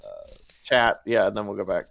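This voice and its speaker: A man's voice: lowish voice, big pitch swings, normal speed, vocal fry, crowd noise. A man who designs games answers questions on a livestream, thinking aloud and often correcting himself mid-sentence. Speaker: game designer. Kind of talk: livestream Q&A chat.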